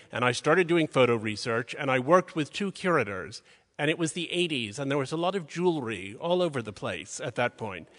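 A man's voice: mid-range voice, a bit bright. A man telling a true story on stage in a wry, precise, self-mocking way. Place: stage in a large hall. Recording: live hall reverb.

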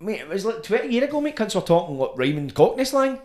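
A Scottish man hosting a podcast, telling stories in a sweary, slangy, animated way. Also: high-pitched, fast talker. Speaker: podcast host. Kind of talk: casual chat. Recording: roomy echo.

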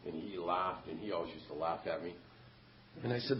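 A middle-aged man from Massachusetts, USA, tells his story at a recovery meeting in a meeting hall, candid and self-mocking. His voice is low and fairly quick, the recording muffled with a crowd audible behind him.

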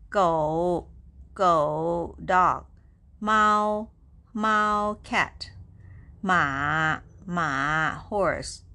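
A woman's voice: lowish voice, pushed and bright. A woman teaching beginner vocabulary, sounding out each syllable and repeating words patiently. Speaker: Chinese language teacher. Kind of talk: slow, deliberate vocabulary lesson.

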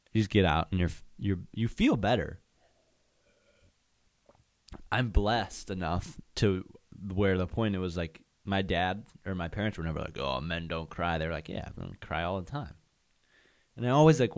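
A young man hosts a podcast alone, chatting casually and candidly in a low voice with no echo. He rambles and uses lots of fillers.

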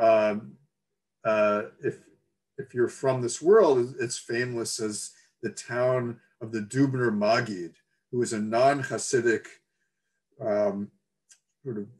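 A man giving an academic talk, measured and reflective, reading excerpts aloud with occasional fillers. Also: on the low side. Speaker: lecturer.

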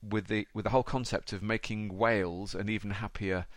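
A man's voice: lowish voice, fairly even intonation, a little fast, no room sound, clean studio sound. A man hosting a podcast, chatty and upbeat, calling his guest mate and fella. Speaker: podcast host. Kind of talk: casual podcast interview.

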